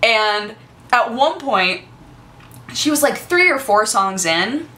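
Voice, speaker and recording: A young woman in her twenties chatting casually to the camera on her vlog, gushing and excitable with lots of fillers. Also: on the high side, slow. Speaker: vlogger.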